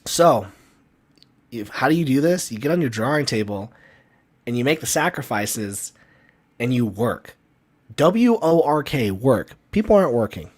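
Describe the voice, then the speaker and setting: A man's voice: mid-range voice, moderate pace, pauses often, slightly rough. Man ranting on a live stream. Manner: animated, ranting, repeats himself. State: sick, tired. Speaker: comic artist and channel host.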